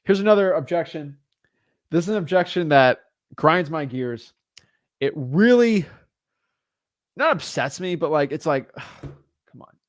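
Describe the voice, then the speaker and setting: A young adult man teaching real estate wholesaling in a casual monologue, animated and exasperated, breaking into quick acted-out voices of sellers and attorneys. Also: fairly high pitch, dry recording, clean studio sound.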